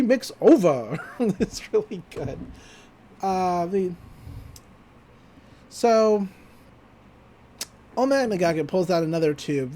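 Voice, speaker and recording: A podcast host recaps a cartoon episode in casual chat. The voice sits in a middle register but swings widely in pitch as the host tells the story. The telling is animated and full of laughter, with quick character voices along the way. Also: a little hiss or hum. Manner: animated retelling, often laughing.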